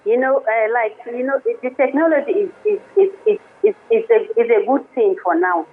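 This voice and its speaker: A woman, a lawyer guest on a radio show, speaking haltingly with many restarts. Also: a little high, a little hiss or hum. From Nigeria. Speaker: guest, women's rights lawyer. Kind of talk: radio interview by phone. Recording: phone line into radio studio.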